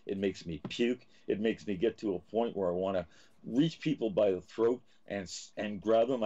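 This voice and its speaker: Low-voiced ranting man, lo-fi sound. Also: darkish tone. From Canada. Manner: angry, swearing, ranting. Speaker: host. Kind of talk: heated live web talk show.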